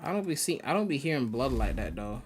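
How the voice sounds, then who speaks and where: Young man, mixed British and West African accent, laid-back, frequent swearing, rambling live-stream commentary, mid-pitched voice. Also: big pitch swings, fast talker, a little hiss or hum. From United Kingdom. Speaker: gaming streamer.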